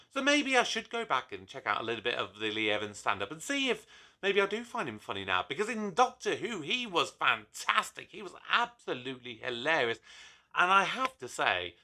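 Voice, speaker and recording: A man's voice: mid-range voice, bright, forceful tone. A man hosting his own review channel, talking casually with enthusiasm and rambling into frequent asides. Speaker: YouTube reviewer host.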